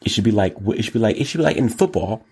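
A man hosting his own show delivers solo commentary with a low, gravelly voice that swings widely in pitch. His delivery is exclamatory and riffing, with words repeated in long runs. The tone is slightly husky throughout. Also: animated, fast, a little mellow. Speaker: show host. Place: Los Angeles.

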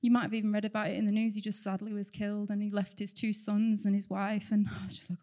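A woman's voice: medium pitch, flat delivery, fast, warm tone. A woman giving an earnest, chatty personal testimony at church, with light laughter. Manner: chatty, fills silences with talk. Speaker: church member sharing testimony.

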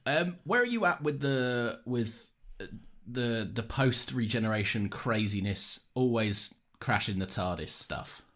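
A man in casual podcast chat, his pitch swinging lively as he talks. He jokes around and slips into quick voices when retelling scenes. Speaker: podcast co-host.

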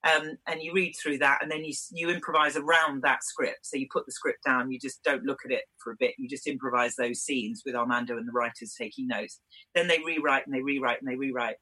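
A woman's voice: very deep voice, fairly even intonation, brisk, sharp tone, husky, rough recording. A British woman, an actress, giving chatty, thoughtful interview answers with frequent small laughs and restarts. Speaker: actress guest.

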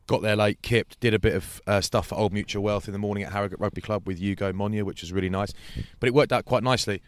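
A man's voice: fairly low pitch, steady tone, quick pace, clear, resonant tone. A man hosting a podcast, telling rambling, slangy anecdotes in casual chat. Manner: rambling storyteller, swears, slangy. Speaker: podcast host.

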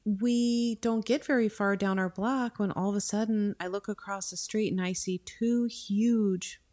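A woman's voice: medium pitch, steady tone, measured pace, a little mellow. A woman in her thirties co-hosting a podcast from home, telling a story in a rambling casual way with lots of "like". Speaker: podcast co-host.

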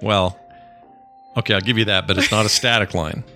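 A man's voice: fairly low pitch, fairly even intonation, fairly quick, sharp tone, faint music behind. A middle-aged man hosting a podcast with his daughter, chatting casually and rambling, often correcting himself mid-sentence. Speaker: podcast host, father. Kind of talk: casual chat.

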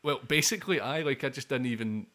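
A man's voice: mid-range voice, animated, fast talker, bright, forceful tone. A young man co-hosting a podcast, rambling and swearing through casual film talk. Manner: rambling, sweary, lots of restarts. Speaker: podcast co-host.

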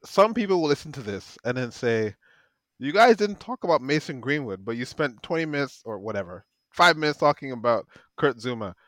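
A man's voice: mid-range voice, big pitch swings, a little fast, a bit bright, dry recording. A man co-hosting a casual football podcast, talking emphatically and laughing often. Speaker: podcast co-host.

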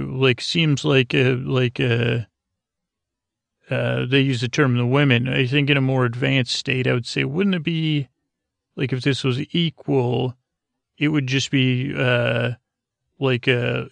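A man's voice: medium pitch, gravelly, dry recording. A man hosting a podcast, giving a meandering bedtime recap of an episode. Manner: rambling, meandering retelling. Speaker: podcast host.

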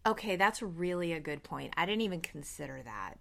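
A woman's voice: fairly low pitch, fairly quick, creaky. A woman in her thirties co-hosting a podcast, chatting casually and acting out scenes in voices. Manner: animated, acts out scenes in voices. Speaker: podcast co-host. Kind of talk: casual chat recapping a TV episode.

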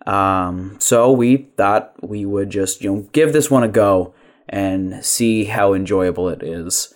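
A man's voice: lowish voice, takes it slowly. A man hosting a podcast, talking casually with lots of fillers and self-deprecating jokes. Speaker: podcast host.

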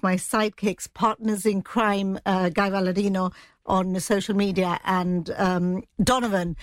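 A woman, a news editor talking through the week's stories in a brisk, chatty way, dropping in Spanish phrases. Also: mid-range voice, dry recording. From Gibraltar. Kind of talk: radio news chat.

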